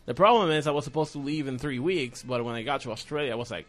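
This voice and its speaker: A man's voice: medium pitch, quick pace, few pauses. Puerto Rican man, rambling storyteller. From Puerto Rico. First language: Spanish. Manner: rambling storyteller, swearing, acting out quotes loudly. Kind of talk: casual chat.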